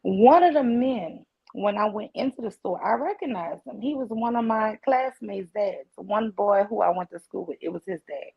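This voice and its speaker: A new woman from New Orleans shares a personal story in a casual group call, her voice medium-pitched, a bit husky and moderately paced. She's animated, keeps calling listeners "y'all," and acts out voices, all through muffled lo-fi audio from an online call device.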